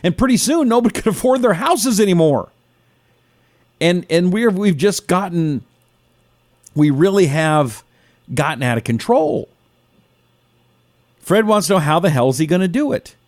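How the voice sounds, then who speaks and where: A man's voice: sits high, lively intonation, moderate pace, long pauses, darkish tone, dry recording, clean studio sound. A man hosting a live talk show, chatty and sarcastic, reading out listener names between opinions. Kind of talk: casual live call-in talk.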